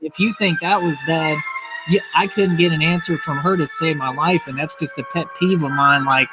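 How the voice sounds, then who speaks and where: Blunt low-voiced woman streamer. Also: fairly even intonation, moderate pace. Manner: crude, blunt, storytelling with acted quotes. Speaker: livestream host. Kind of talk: casual chat. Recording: dull lo-fi audio with music.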